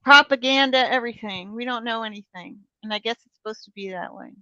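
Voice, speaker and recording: A woman's voice: on the high side, fast, sharp tone, no echo. A woman co-hosting a livestream, giving brief, wry replies in casual chat. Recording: dull lo-fi stream audio.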